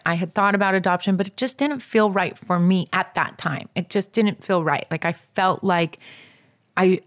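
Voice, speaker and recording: A woman's voice: lowish voice, no room sound, studio quality. Chatty emotional woman in her forties. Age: 40s. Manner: emotional, chatty, many likes. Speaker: podcast co-host. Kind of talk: casual personal storytelling.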